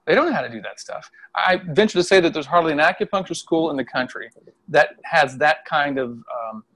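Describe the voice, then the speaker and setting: A middle-aged man, a Chinese medicine practitioner, telling a story in casual conversation from home over a video call, animated and laughing often. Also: a little high, fairly quick. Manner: animated, acts out voices when quoting people, laughs often. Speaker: Chinese medicine practitioner and qigong healer, interview guest.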